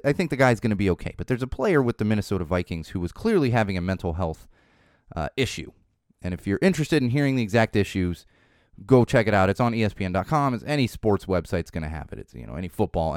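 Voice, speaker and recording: A man's voice: lowish voice, dry recording, clean studio sound. A man hosting a casual solo podcast, rambling with a wry tone and restarting his sentences often. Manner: rambling, wry, repeats words while restarting. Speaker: podcast host.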